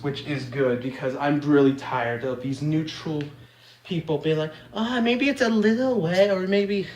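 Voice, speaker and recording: A man's voice: mid-range voice, a bit bright, slight background noise. A man ranting casually to camera in his apartment, exasperated and rambling with frequent restarts. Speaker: vlogger.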